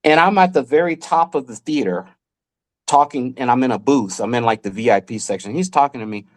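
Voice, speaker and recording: A man, a magician, telling a lively story in a podcast interview and acting out the people he quotes. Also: mid-range voice, fairly quick. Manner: animated storyteller who acts out the people he quotes. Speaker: magician guest.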